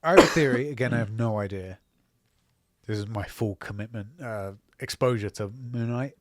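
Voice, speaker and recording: A man co-hosting a podcast, relaxed and joking as he floats theories. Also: lowish voice, moderate pace, slight background noise. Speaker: podcast co-host. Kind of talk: casual chat.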